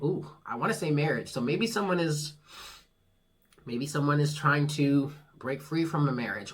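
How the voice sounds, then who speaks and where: A tarot reader with a husky, breathy voice talks through a casual monthly reading. The delivery is blunt and swears freely. It cheers the listener on like a friend. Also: medium pitch. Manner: frank, swears casually, reassuring and pep-talking; laughs at own jokes.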